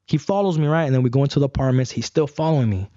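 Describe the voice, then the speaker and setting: A young man telling a story in casual talk, animated and acting out the voices of others. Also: mid-range voice, rapid-fire, no room sound, highs cut off. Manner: animated, acts out voices in stories, swears a lot. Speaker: guest.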